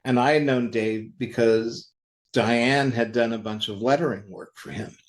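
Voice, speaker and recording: A man who works in comics, telling anecdotes in a podcast interview, acting out the quoted lines in lively voices. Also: medium pitch, unhurried. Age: older. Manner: animated anecdotal storytelling, acts out quoted dialogue. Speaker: interview guest, comic creator.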